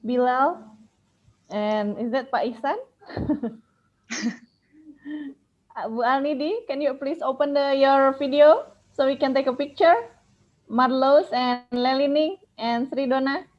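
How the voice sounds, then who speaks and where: A high-voiced woman talks slowly and easily, calling on people in an online class. Her speech is relaxed and chatty. The sound is dull and muffled, as from a video call. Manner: relaxed, chatty, laughs often. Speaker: course moderator. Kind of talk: casual online chat.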